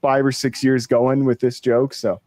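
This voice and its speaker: A man's voice: medium pitch, flat delivery, moderate pace, dark tone, no room sound. A Canadian man telling stories in a casual live stream chat, chuckling as he goes. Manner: storytelling, chuckling often.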